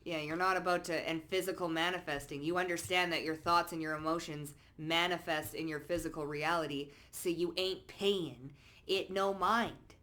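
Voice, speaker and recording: A woman talks through a card reading in a loose, sassy way, sprinkling in curses and pet names. Her voice is bright and sharp. She drops into low asides, then bursts out loud and emphatic. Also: steady tone, moderate pace. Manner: blunt, sassy, peppered with swearing and pet names. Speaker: psychic card reader. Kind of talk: casual spoken card reading.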